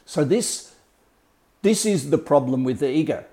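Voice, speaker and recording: A man's voice: fairly high pitch, lively intonation, a little slow, dark tone. A man talking as a life coach, explaining ideas in a blunt, colourful way with swearing and mimicked sounds. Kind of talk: casual explanatory talk.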